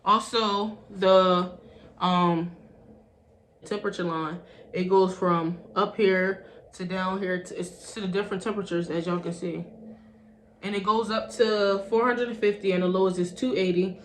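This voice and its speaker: Woman, beauty vlogger, casual and talkative, mid pitch, recorded at home with roomy echo. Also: fairly even intonation, unhurried. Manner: chatty, says "y'all" constantly. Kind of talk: casual product review. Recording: roomy echo, faint background hum.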